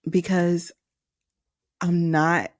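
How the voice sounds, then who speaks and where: A woman shares a personal story on her podcast, unhurried and low in pitch. She tells it with feeling and keeps turning to her listeners as "y'all". Her voice sounds close and dry, with no room around it. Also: no echo. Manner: emotional, animated retelling, addresses listeners as y'all. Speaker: podcast host and trauma coach.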